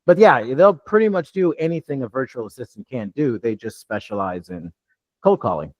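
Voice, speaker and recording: A man's voice: mid-range voice, animated, moderate pace, darkish tone, dry recording, dull audio. A man from New York coaching a live online training, talking loosely with many restarts over a video call. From New York, USA. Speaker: real estate deal coach.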